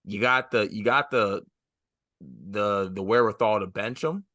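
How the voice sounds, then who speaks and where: A young man in a casual sports podcast who questions and argues back. His low voice sounds bright, and the recording is dry and close. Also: unhurried, no echo. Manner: skeptical, pushes back. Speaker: podcast co-host.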